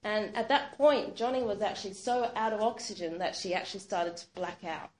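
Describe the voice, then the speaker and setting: A woman's voice: mid-range voice, fairly quick. A woman telling a true-sounding story aloud in a conversational way, with plenty of "you know" and "sort of.". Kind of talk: spoken storytelling. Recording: roomy echo, faint background noise.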